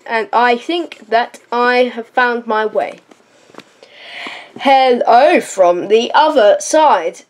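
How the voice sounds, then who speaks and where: A woman vlogger chatting casually while she draws, silly and playful, humming and singing to herself between remarks. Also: high voice. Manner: silly, hums and sings to herself. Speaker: drawing vlogger. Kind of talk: casual chat while drawing.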